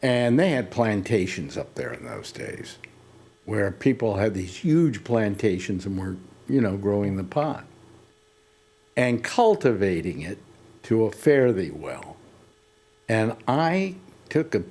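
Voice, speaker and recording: A man's voice: fairly low pitch, sing-song, slow pace, a little mellow. An older man hosting a casual talk show, rambling through stories with many restarts. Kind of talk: casual chat.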